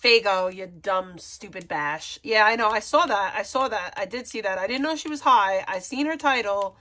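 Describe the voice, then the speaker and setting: A woman's voice: a little high, fairly quick, sharp tone. Sarcastic young woman heckling on stream. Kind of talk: mocking livestream commentary.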